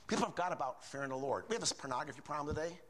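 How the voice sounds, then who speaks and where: A man's voice: fairly high pitch, lively intonation, very fast, a bit bright. An older man preaching a sermon in a folksy, repetitive way, often asking the congregation rhetorical questions. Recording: reverberant hall.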